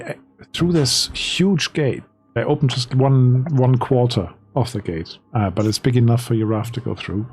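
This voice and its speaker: A man running a tabletop game as game master, narrating the scene slowly with pauses and restarts. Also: medium pitch, darkish tone, husky. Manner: slow, hesitant storytelling with restarts.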